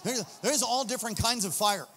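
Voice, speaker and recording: A man preaching a sermon with fervent passion, a sing-song cadence and swings from loud to hushed. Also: high voice, fairly quick, breathy edge. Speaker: pastor. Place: church sanctuary. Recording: long reverb of a large hall.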